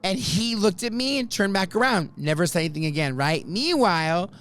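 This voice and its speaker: A man's voice: high voice, a little fast. A man hosting a podcast, telling a story in casual chat, acting out the voices and swearing freely. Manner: animated, swears freely, acts out quoted voices. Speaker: podcast host.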